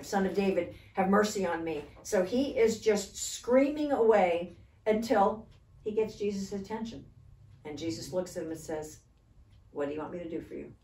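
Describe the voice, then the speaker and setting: A woman's voice: medium pitch, mellow. A woman co-leading a church Bible study, explaining the passage conversationally and often checking in with "okay?". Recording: echoey room, distant mic.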